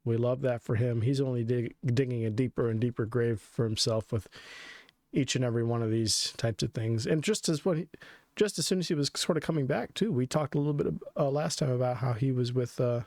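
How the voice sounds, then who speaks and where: A man's voice: medium pitch, a little fast, darkish tone, no echo, clean studio sound. A man co-hosting a casual podcast chat, talking in rambling, sarcastic runs and laughing often. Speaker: podcast co-host.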